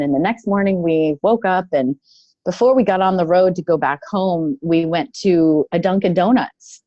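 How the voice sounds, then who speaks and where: A woman telling a personal story in a casual, thoughtful way, pausing often with fillers. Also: deep voice, a little mellow, no echo. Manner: thoughtful, halting, with many fillers. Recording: dull lo-fi, dry sound.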